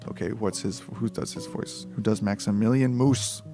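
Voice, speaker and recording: A man's voice: lowish voice, fairly even intonation, normal speed, music in the background. A man streaming himself reading a novel aloud, breaking off for rambling, profane comic asides.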